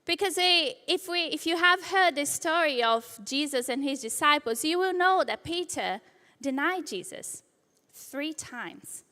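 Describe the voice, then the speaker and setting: A woman delivers a sermon, retelling scripture as a story and voicing the lines of its figures. Her voice sits high and bright. A long reverb trails her words in a church hall. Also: expressive, a little slow. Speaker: preacher.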